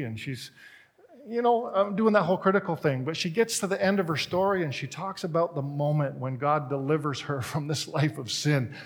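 Animated male preacher with a bright pitch. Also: moderate pace, big-room sound. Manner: conversational, animated storytelling preacher. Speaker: pastor. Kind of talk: sermon.

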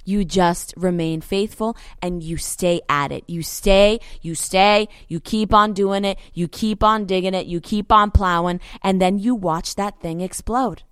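A woman co-hosts a ministry show in a casual, lively way, urging listeners to stay faithful. She drives her points home by repeating them. Her voice sits at a middle pitch and is recorded dry and close, with no room echo. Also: a little slow, few pauses, smooth. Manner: animated, exhorting, repeats phrases for emphasis. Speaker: ministry co-host. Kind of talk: casual motivational faith talk.

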